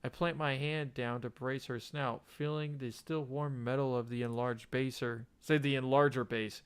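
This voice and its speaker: A man's voice: mid-range voice, fairly even intonation, normal speed, clean tone. A young man casually reading a visual novel aloud, often stumbling and rereading lines. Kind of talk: let's play narration, reading game text.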